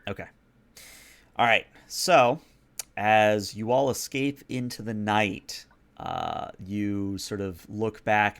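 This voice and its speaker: Male GM, low gravelly voice, easygoing narration of a tabletop game. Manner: relaxed, casual narration with fillers. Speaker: game master.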